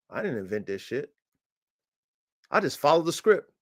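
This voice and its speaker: A man's voice: wildly swooping pitch, brisk, long pauses. A man hosting a livestream about his working dogs, boastful and profane, speaking. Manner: boastful, swaggering and profane, pitch jumping up when hyped. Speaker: dog breeder hosting a livestream. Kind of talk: casual livestream monologue. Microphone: streaming mic.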